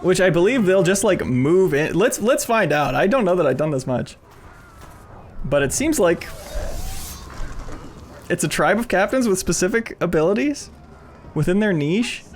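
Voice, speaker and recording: A man's voice: sits high, expressive, moderate pace, long pauses. A man hosting a casual gameplay stream, bantering playfully while commenting on the game. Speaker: host.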